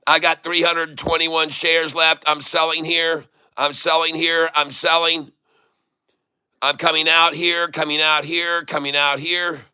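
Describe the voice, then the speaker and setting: Bright-voiced excitable trading streamer man. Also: on the high side, measured pace, clean tone. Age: middle-aged. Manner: excitable, folksy, calls out to viewers as folks. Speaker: day-trading livestream host. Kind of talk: live trading stream chat.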